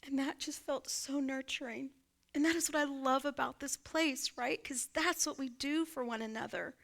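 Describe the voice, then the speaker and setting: A woman's voice: high voice, fairly even intonation, moderate pace, vocal fry. A woman pastor, preaching a sermon and telling a personal story, often asking her listeners "right?". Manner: warm conversational, asks congregation "right?". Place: church sanctuary.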